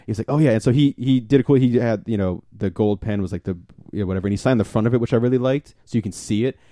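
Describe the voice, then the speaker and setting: A young man talks fast, rattling through a convention story and acting out each exchange. His voice is dark and mellow, recorded close and dry with no room sound. He swears freely and keeps the casual chat going. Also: medium pitch, dry recording. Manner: excited storyteller, swears freely, acts out quotes. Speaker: podcast co-host.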